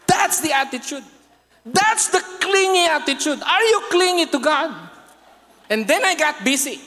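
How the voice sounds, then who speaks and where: A man with a Filipino accent preaching a sermon, telling stories in an animated way, acting out voices and singing snatches of songs. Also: extremely high pitch, unhurried, a faint crowd. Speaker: pastor. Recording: long hall reverb.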